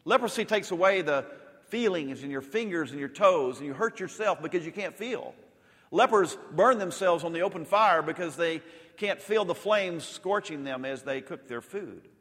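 A male pastor preaching a sermon, rising to loud emphatic peaks and dropping to soft, intimate lows. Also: animated, moderate pace. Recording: long hall reverb.

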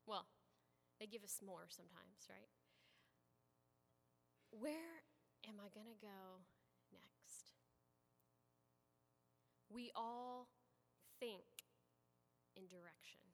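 A woman preaching a sermon as an animated storyteller, swinging from loud to hushed, heard with echoey sanctuary reverb. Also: mid-range voice, very slow, gravelly, long pauses. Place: church sanctuary.

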